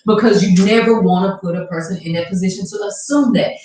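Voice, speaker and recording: Fast-talking woman on an echoey distant mic. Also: medium pitch, mellow. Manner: fast, hedging with "you know". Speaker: radio show co-host. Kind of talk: casual panel chat. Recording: echoey room, distant mic, faint noise.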